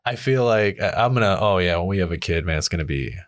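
A man's voice: low-pitched, lively intonation, fast talker. Profane joking man in casual chat. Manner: profane, acts out imagined dialogue, laughs often.

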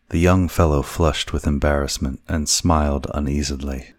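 A man narrating a classic story in a measured, even reading. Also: very deep voice, dry recording. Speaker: audiobook narrator.

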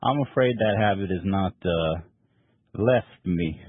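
A man putting on a rambling, sheepish old man of about sixty-five on a prank call, halting and full of fillers, his voice husky. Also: low-pitched, dry recording. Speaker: caller. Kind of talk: prank call to a psychic line. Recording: dry tinny phone line.

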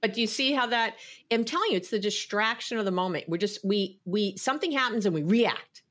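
Woman, podcast guest, casual chat, emphatic, animated, repeats herself. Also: mid-range voice, a little fast. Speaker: guest advice giver.

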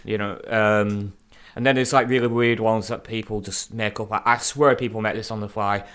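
A man with a Lancashire accent co-hosting a podcast in relaxed, joking casual chat, swearing casually. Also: on the low side, normal speed, clear, resonant tone. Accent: Lancashire English. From Lancashire, England. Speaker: podcast co-host.

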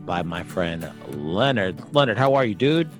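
A man hosting a podcast in a relaxed, rambling way, full of fillers. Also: low voice, a little slow, soft background music. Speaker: podcast host. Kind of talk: casual podcast chat. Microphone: video call microphone.

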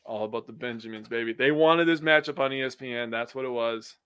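Blunt young man, bright dry voice. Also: medium pitch, fast talker, clear, resonant tone, dry recording. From Wisconsin. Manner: blunt and opinionated, with some swearing. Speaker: sports podcast co-host. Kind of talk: casual chat.

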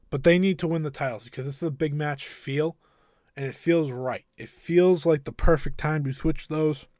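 A man's voice: on the high side, no room sound, studio quality. A man giving a casual, enthusiastic and opinionated recap of a wrestling show, rambling a little with fillers.

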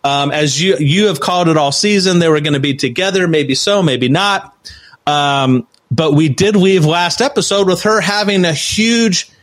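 Male podcast co-host, slightly high voice, steady recapper with sarcastic asides. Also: moderate pace.

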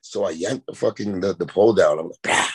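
Low husky male rapper telling tales. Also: quick pace. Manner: rambling, profane, animated anecdotes. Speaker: rapper, podcast guest. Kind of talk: casual storytelling chat.

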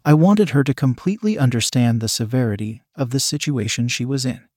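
A man reading a first-person story aloud in a calm, measured, coldly sly manner. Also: medium pitch, no room sound, studio quality.

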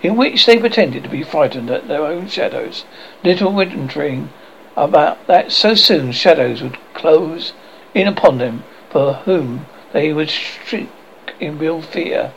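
A man reading a classic children's novel aloud as an audiobook narrator, expressive and lively. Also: a little high, measured pace, creaky, lo-fi sound, slight background noise. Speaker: audiobook reader.

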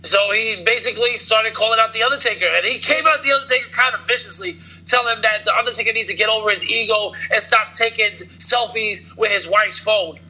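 A man's voice: high-pitched, a little fast, few pauses, pushed and bright, rough recording. A man hosting a podcast, giving a casual, rambling recap with lots of fillers and jokes. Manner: rambling, filler-heavy, joking. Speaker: podcast host. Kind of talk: casual wrestling recap chat.

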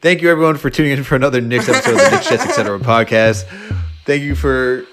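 A man's voice: mid-range voice, sing-song, quick pace, over music. A man co-hosting a casual sports podcast, rambling and fired up with lots of fillers. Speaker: podcast co-host.

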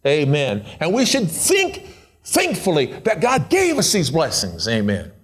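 A male pastor preaching a casual, playful sermon, swinging between excited high asides and low quiet remarks. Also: measured pace, breathy edge.

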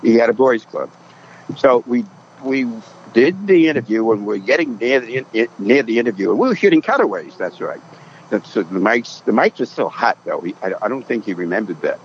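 A man's voice: mid-range voice, very animated, fairly quick, slight background noise. An older man from Massachusetts telling anecdotes as a podcast guest, acting out the people in his stories. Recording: dull lo-fi sound.

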